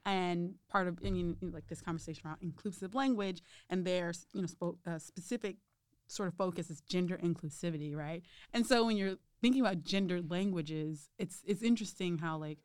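A young woman hosts a relaxed chat, with lots of fillers and easy laughs as she works her way through a question. Her voice sits on the low side and sounds smooth. The sound is close and dry. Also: fairly quick, dry recording. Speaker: podcast host. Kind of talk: casual interview chat.

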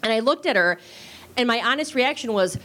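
A woman teaching improv in a chatty, casual way, swearing freely and acting out quick bits of dialogue. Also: fairly high pitch, lively intonation, a bit bright. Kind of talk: casual spoken lesson.

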